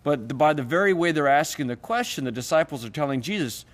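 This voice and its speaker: A man's voice: animated, fairly quick, hardly any pauses. A man teaching Greek grammar in a lecture, explaining patiently and voicing the example questions he quotes. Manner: explanatory, acts out quoted questions with raised pitch. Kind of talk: recorded classroom lecture.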